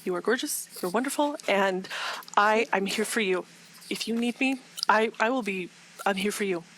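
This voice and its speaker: A woman's voice: medium pitch, moderate pace, a bit bright, a little hiss or hum, rough recording. A woman speaking with passion in a casual group talk, repeating herself and laughing often. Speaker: guest speaker in a live fan discussion.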